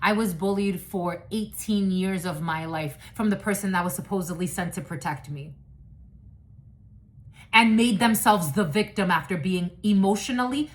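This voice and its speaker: A woman giving a casual spiritual reading, blunt and profane, who rambles, restarts and laughs often. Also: mid-range voice. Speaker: psychic reader.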